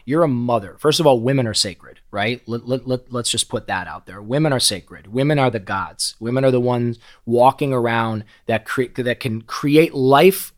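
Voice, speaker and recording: A middle-aged man speaking as a podcast guest, at an ordinary mid-range pitch for a man. He tells stories in a raw, heartfelt way, swearing freely and stumbling over repeated words as he goes. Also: normal speed, hardly any pauses. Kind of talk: candid conversational storytelling.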